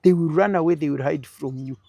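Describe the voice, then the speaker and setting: A woman's voice: low voice, a little fast, creaky, mellow, no echo. An older woman with a Ugandan accent, telling a political story as an interview guest with strong, emphatic feeling.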